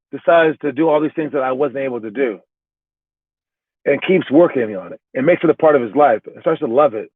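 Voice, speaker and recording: Guy coaching kids hoops, rambly pep talk, kinda high voice, sounds like it's thru a phone. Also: no room sound. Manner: rambling, repeats and restarts words, pep-talk tone. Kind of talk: casual motivational talk. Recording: tinny phone-like sound, dry.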